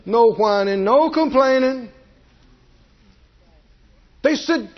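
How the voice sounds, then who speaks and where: A man preaching a sermon, animated and folksy, swinging from low asides to shouted peaks. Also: measured pace, muffled recording. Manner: folksy, jokes with the congregation.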